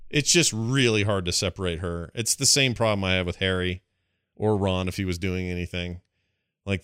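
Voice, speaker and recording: A fairly low-voiced man trades jokes in an easygoing movie chat and laughs easily. The recording is close and dry, with no room sound. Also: fairly bright tone, dry recording. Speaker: podcast co-host.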